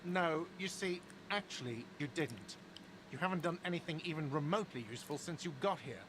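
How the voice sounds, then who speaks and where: A curt, fed-up manager chasing a debt, played by a man for a video game. His voice sits a bit high and carries clear background hiss. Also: lively intonation, brisk, natural voice. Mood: exasperated. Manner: curt, exasperated. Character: exasperated male manager owed money.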